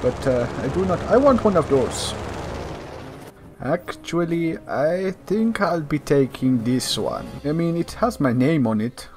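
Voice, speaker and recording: Guy doing a cocky fake-accent action hero, boasting, dips into low mutters. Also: big pitch swings, a little slow, background noise. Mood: swaggering. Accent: put-on, faltering foreign accent. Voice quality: boastful, hammy, drops to low mutters for asides. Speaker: gaming YouTuber. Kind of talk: comedic gameplay commentary in character.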